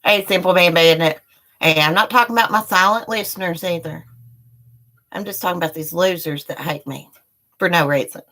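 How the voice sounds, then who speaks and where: Middle-aged woman streamer, low-pitched and forceful, cursing through a heated rant. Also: brisk. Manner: heated, profane, talks straight to viewers. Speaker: YouTube live streamer. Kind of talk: angry live-stream rant.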